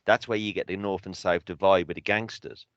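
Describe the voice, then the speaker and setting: Lower-voiced man. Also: steady tone, a little fast, fairly bright tone, no echo, lo-fi sound. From England. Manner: opinionated storytelling, swearing. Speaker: podcast co-host. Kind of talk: casual chat.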